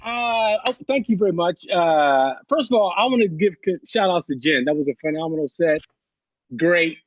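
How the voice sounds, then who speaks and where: A man's voice: a little high, lively intonation, moderate pace, muffled recording, a little hiss or hum. A man in his thirties doing a loose, profane stand-up set over a video call from home, laughing through his stories. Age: 30s. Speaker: stand-up comedian. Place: home, on a couch.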